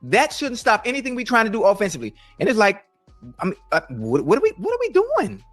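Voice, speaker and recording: Middle-aged male co-host, excitable storyteller, quick delivery in a high register. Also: dry recording, faint music behind. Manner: animated, keeps addressing his co-host by name. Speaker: co-host, former pro football player. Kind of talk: casual storytelling chat.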